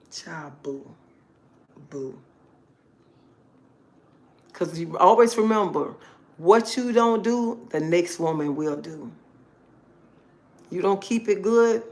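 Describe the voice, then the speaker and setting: A woman's voice: sits low, darkish tone. A woman talking casually to her viewers on a live stream, chatty and emphatic, repeating herself often. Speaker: livestream host.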